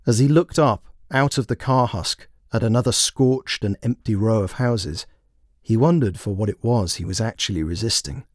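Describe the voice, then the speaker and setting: A man reading his own written story aloud in measured, plain scripted narration. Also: fairly low pitch, dry recording, clean studio sound. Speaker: author and narrator.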